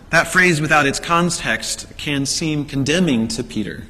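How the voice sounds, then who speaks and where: A man's voice: on the high side, measured pace, pushed and bright. A man preaching a sermon, telling the story with rhetorical questions and acted-out quotes. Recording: long hall reverb.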